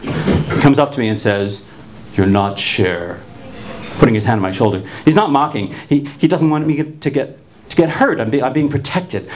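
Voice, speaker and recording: A man in his fifties from New Jersey telling a personal story wryly, with frequent stuttered restarts. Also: mid-range voice. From New Jersey, USA.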